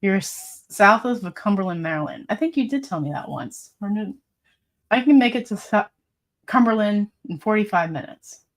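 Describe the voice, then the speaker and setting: A woman's voice: mid-range voice, animated, moderate pace. A woman hosting a casual live stream, reading viewer comments aloud in a chatty, rambling way and laughing often. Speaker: livestream host.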